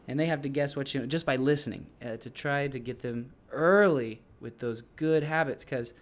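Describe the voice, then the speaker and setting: A man's voice: medium pitch, normal speed. Rambling male English teacher. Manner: loose and rambling, with many restarts and fillers. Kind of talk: casual teaching talk to other teachers.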